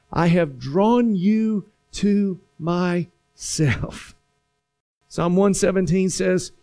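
A man preaching a sermon in a church, repeating phrases and building slowly to emphatic points. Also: high-pitched, dark tone, soft background music. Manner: preaching with slow emphatic build-ups and repetition. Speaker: pastor. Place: church sanctuary.

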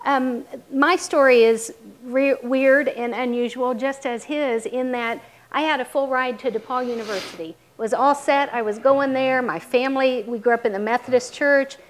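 Pastor's wife in her 50s, a touch high in pitch, conversational and grateful testimony. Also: steady tone, moderate pace, hardly any pauses. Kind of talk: sermon testimony.

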